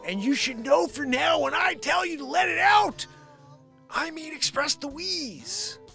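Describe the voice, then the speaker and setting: A man hosting a live improv comedy show, rambling with giggles and sudden shouted bursts. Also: very high-pitched, animated, a little slow, creaky, soft background music.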